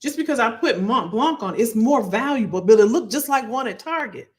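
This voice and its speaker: A woman's voice: a little high, brisk. Woman, live-stream career coach, chatty and upbeat, roomy echo. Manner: lively, encouraging, talks to the audience as "y'all". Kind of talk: live stream Q&A, casual advice.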